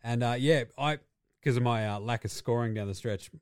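A man's voice: mid-range voice, normal speed, darkish tone, clear, resonant tone, no echo, clean studio sound. A man co-hosting a casual sports podcast, rambling, swearing and laughing as he talks. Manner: profane, rambling, laughs often. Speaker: podcast co-host.

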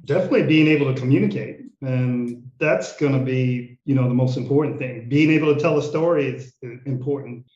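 A man on a panel giving direct, clearly listed answers over remote audio. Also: mid-range voice, brisk, few pauses, a little mellow. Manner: direct, listing points clearly. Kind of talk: conversational panel discussion. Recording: dull, roomy remote audio.

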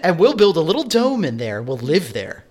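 A man co-hosts a podcast in loose, casual chat. He rambles, swears freely and corrects himself mid-sentence. His fairly high voice is lively and rises and falls a great deal. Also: moderate pace, over a noisy crowd. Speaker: podcast co-host.

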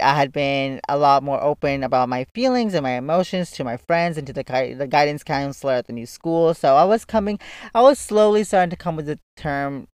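A man's voice: a little high, clean tone, no echo. A young man in casual storytime chat, talking freely with lots of "like" and casual swearing. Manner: chatty, frequent "like", swears casually. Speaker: vlogger.

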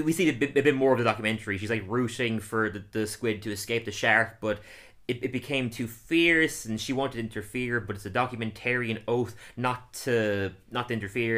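A man casually recapping a cartoon episode, telling it with energy and laughing often as he slips into quick silly voices. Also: medium pitch, fairly bright tone. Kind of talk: casual chat.

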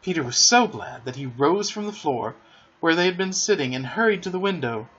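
Man, storybook narration, theatrical, husky, dull lo-fi recording. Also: on the high side, fairly quick. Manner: expressive, theatrical.

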